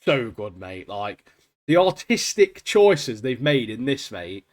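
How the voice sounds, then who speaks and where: Excitable man, says mate a lot. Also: mid-range voice, slow pace. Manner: excitable, says "mate" constantly, trails off quietly at phrase ends. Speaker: podcast co-host. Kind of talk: casual chat.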